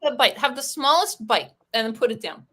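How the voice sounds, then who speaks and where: A woman's voice: fairly high pitch, animated, brisk, sharp tone. A woman as a guest in a casual chat, playful and laughing easily.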